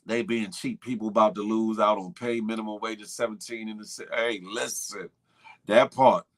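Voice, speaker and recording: A man's voice: lowish voice, little pitch movement, fairly quick. A man hosting a casual morning livestream, talking back to chat and repeating himself for emphasis. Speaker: morning show host reading live chat.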